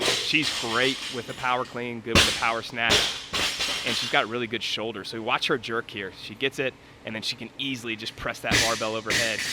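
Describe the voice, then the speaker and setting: A man's voice: mid-range voice, heavy background noise. A man coaching and commenting live on a workout in a gym, explaining technique and calling out times.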